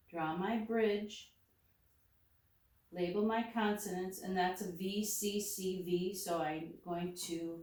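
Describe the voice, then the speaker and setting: A woman teacher working slowly through a phonics lesson, explaining each step aloud. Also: fairly low pitch, a little mellow, recorded from a distance. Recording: echoey room, voice set back from the mic.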